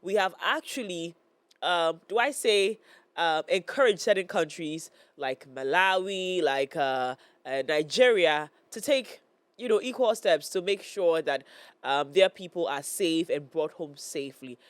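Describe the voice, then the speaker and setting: A woman's voice: on the low side, lively intonation, unhurried, no room sound. Woman, live studio host with a cold: nasal and stuffy, chatty, filler-heavy delivery, dry close studio sound. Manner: chatty, hesitant with many fillers. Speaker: morning show host. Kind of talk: live studio talk show hosting. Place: broadcast studio. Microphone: studio microphone.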